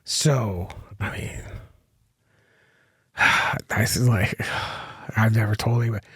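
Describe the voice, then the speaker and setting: A man's voice: on the low side, steady tone, slow, a bit bright, husky, no room sound, studio quality. A man telling a long rambling story on a podcast, full of restarts and casual swearing. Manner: rambling, many restarts and fillers, swears freely. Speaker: guest comedian.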